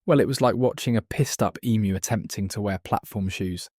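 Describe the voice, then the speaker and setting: A man's voice: on the low side, brisk, a little mellow, husky, no echo, clean studio sound. A man voicing a blunt, crude male former palace footman. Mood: scornful.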